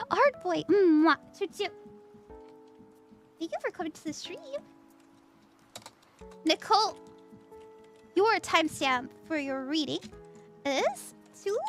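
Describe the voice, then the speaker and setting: A woman's voice: sits high, a bit bright. A woman streaming a casual tarot reading, chatty and giggly as she reads out chat messages.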